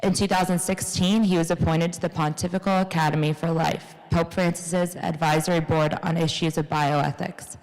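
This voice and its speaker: A woman's voice: on the low side, a little mellow, big-room sound, poor audio. Young woman reading a formal introduction. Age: young adult. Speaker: student introducing the speaker. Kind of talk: read introduction. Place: university lecture room.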